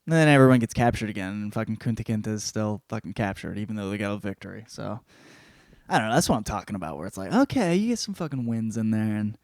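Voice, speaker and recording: A man hosting a podcast, rambling through a casual book review with constant swearing and animated storytelling. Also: lowish voice, quick pace, dry recording, clean studio sound. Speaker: podcast host.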